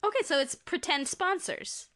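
A woman's voice: very high-pitched, expressive, normal speed, sharp tone. A woman co-hosting a podcast in casual chat, playful and laughing often. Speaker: podcast co-host.

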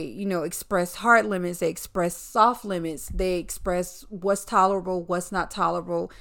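Woman doing a casual movie recap, blunt and swears a lot, kinda gravelly voice. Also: on the low side. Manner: candid, profane, chatty storytelling.

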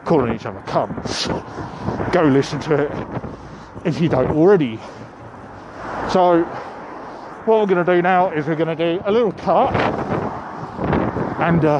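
Chatty man, muffled through a mask. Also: a little high. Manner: chatty, addresses listeners directly. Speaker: podcast host. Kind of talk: casual walking monologue. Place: outdoors on a street, walking. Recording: wind noise outdoors. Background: wind and urban street ambience.

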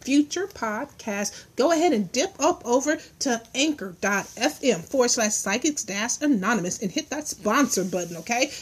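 A woman's voice: on the high side, animated, moderate pace, few pauses, breathy edge. A woman co-hosting a podcast in casual chat, playful and slangy, laughing often. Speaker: podcast co-host.

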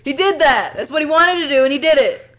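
A woman jokes in a casual chat with friends. She adds quick quips, laughs, and swears freely. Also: high voice, animated, over a noisy crowd. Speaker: podcast co-host.

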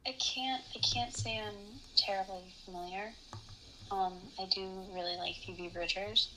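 A woman's voice: mid-range voice, a little slow, pushed and bright, a little hiss or hum, rough recording. A young woman, a student guest, chatting a little hesitantly. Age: young adult. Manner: hesitant, uses fillers. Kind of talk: casual chat.

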